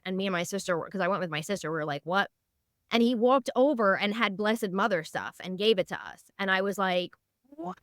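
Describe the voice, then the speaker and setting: Woman podcast guest, earnest storyteller, clear smooth tone. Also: mid-range voice, moderate pace, no room sound, clean studio sound. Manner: animated storyteller, lively and earnest. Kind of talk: casual interview chat.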